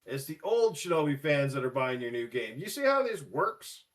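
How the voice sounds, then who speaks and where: A man's voice: mid-range voice, sing-song, moderate pace. A man co-hosting a gaming podcast, ranting in casual, profane chat and slipping into mocking voices. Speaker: podcast co-host.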